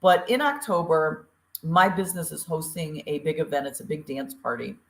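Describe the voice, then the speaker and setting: Upbeat woman hosting a morning talk show, kinda low voice, lots of ums, roomy echo. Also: normal speed. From Eastern Tennessee. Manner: upbeat, chatty, with many fillers. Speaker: podcast co-host. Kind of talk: casual show opening and announcements.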